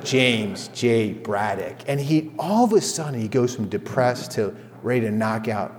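A man preaching to a men's group as their pastor, telling stories casually in a conversational, animated way. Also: mid-range voice, normal speed, big-room sound. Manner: storytelling, conversational, animated retellings.

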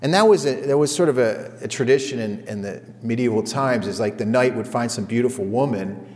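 A man's voice: mid-range voice, a little fast. Conversational male pastor in a reverberant hall. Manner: storytelling, conversational, animated retellings. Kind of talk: sermon to a men's group.

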